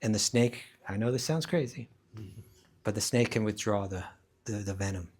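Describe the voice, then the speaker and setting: A man with a lowish voice tells a sacred story to a class in a casual, animated way. He talks loosely with fillers and restarts. His tone is relaxed and conversational. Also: moderate pace, breathy edge. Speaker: spiritual teacher. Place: class at a rural eco village.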